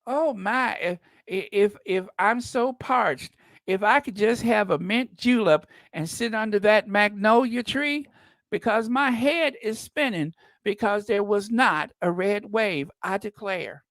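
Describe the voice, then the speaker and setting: A man's voice: a little high, big pitch swings, normal speed, fairly bright tone, no echo, studio quality. A man putting on the voice of a flustered, dramatic Southern belle, drawling and swooning.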